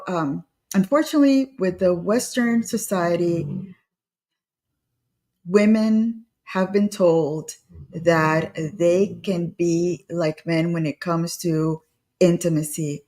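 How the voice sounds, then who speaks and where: A woman's voice: on the low side, slow pace. A woman co-hosting a casual etiquette chat, giving earnest, direct advice and urging her listeners. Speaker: co-host.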